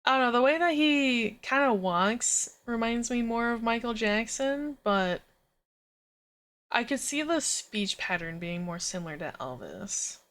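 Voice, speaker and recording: A woman's voice: on the high side, lively intonation, a little slow, a bit bright. A woman streamer chatting and joking while playing through a game live. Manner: chatty and joking, laughs often. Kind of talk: live game playthrough commentary.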